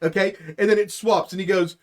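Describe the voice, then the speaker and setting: A man's voice: high-pitched, fairly even intonation, fairly quick. A young man co-hosting a podcast, recounting a show in rambling, playful casual chat. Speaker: podcast co-host.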